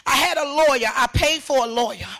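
Older woman telling her story, high bright voice, keeps repeating stuff and gets loud. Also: brisk. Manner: emphatic, repetitive, voice rising to shouts. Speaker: mother giving testimony. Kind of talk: emotional personal testimony.

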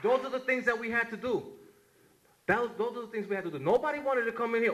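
A man's voice: extremely high pitch, animated, fast talker, muffled recording, slight background noise. Impassioned New man in an echoey room. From New York. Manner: impassioned, repeats himself, shouts chants. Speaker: community activist reading a tribute poem. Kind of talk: spoken memorial remarks and poetry reading.

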